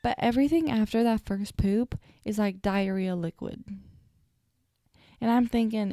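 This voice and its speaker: A woman's voice: medium pitch, a little slow, warm tone, no room sound, studio quality. A young woman hosting a podcast, telling stories in a chatty, self-deprecating way, sleepy and yawning, with a stutter at times. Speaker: podcast host. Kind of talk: casual solo storytelling.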